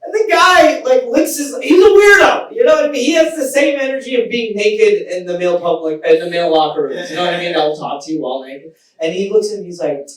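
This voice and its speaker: Thirties male stand-up, high lively delivery, self-deprecating, live room sound from afar. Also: quick pace. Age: 30s. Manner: self-deprecating, animated, builds to shouted punchlines. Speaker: stand-up comedian. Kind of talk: stand-up comedy set. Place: small live venue with audience. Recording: echoey room, distant mic, audience noise.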